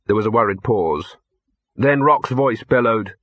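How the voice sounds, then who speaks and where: Husky guy reading a story aloud, calm and even, dull dry recording. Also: medium pitch, moderate pace, dry recording. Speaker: audiobook narrator. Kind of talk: scripted narration.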